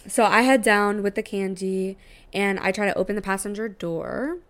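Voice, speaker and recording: A woman hosting a podcast, telling a story in a slangy, profane, animated casual way. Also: mid-range voice, normal speed. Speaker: podcast host.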